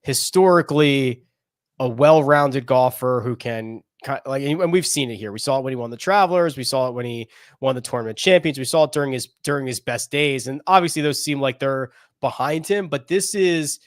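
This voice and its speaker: A man chatting about golf picks on a podcast, jumping up and down in pitch as he rambles. His voice sits in the middle range and comes across dry and close, with no room sound. He talks casually and chuckles along the way. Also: fairly quick, no room sound. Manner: animated, rambling, laughs while talking. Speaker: podcast co-host. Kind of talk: casual golf betting chat.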